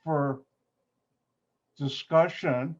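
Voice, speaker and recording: A man teaching an online chemistry lab, unhurried and breaking his sentences up with pauses. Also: a little high, fairly even intonation. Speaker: chemistry instructor. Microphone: computer mic on a video call. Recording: dull, muffled video-call audio.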